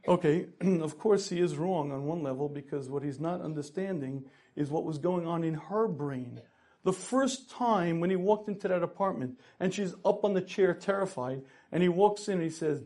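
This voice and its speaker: A man giving a storytelling lecture on marriage, animated, acting out characters and often clearing his throat. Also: a little high, moderate pace.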